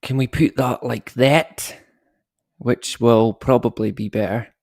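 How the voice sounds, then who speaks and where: This thirty-something livestream host talks slowly from home in a steady, mid-range voice with a darkish tone. He greets viewers and chats casually, making self-mocking jokes, cursing offhandedly, and laughing a lot, all in a dry, clean studio recording.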